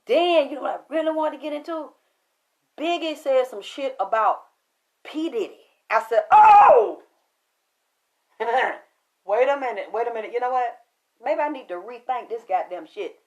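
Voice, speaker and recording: A woman telling a story about a spiritual reading to an audience in a casual, animated way, full of cursing and sudden excited jumps in pitch. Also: normal speed, pauses often. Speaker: spiritual medium recounting a reading.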